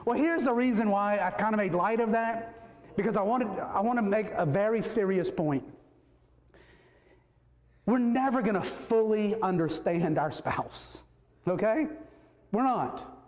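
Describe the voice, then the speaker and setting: A man's voice: high-pitched, expressive, a little slow, pauses often, a little mellow. A male pastor preaching a sermon in a folksy, joking way, often repeating words as he goes. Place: church sanctuary. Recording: echoey church hall reverb.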